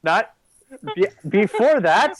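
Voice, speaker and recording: A man narrating as game master with a slightly high voice. He rambles casually, restarts his sentences and laughs along with his players. The mood is loose and jokey. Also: big pitch swings, takes it slowly.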